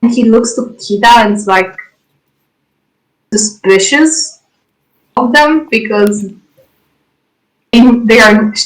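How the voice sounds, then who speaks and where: Slow-talking woman game master. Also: on the high side, a bit bright, low-quality recording. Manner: casual, halting narration with fillers. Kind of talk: narrating a role-play scene.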